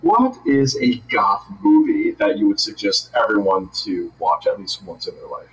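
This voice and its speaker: A man hosting a casual interview, playful and quick to laugh. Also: fairly low pitch, huge pitch swings, roomy sound, far from the mic, low-quality recording. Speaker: podcast host.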